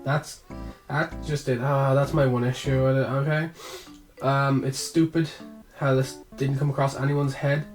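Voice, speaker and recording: A man giving a casual, profane video review, excitable and prone to sudden outbursts. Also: medium pitch, unhurried. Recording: echoey room, far from mic, music behind.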